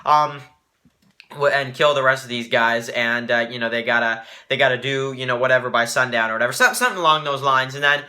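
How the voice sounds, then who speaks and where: A man's voice: mid-range voice, a little fast, pushed and bright. A man casually recapping a TV series, rambling with lots of fillers and briefly acting out the characters' lines. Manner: rambling, heavy fillers, acts out quoted lines. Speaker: TV show reviewer.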